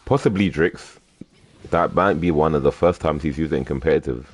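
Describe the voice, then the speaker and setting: A man's voice: a bass voice, fairly quick. A man casually commentating a fighting game tournament, teasing players and laughing often.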